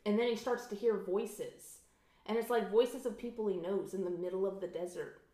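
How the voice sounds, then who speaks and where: A woman co-hosting a podcast, retelling a horror movie in casual chat, animated and swearing freely. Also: medium pitch, moderate pace. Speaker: podcast co-host. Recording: echoey room sound on a live stream.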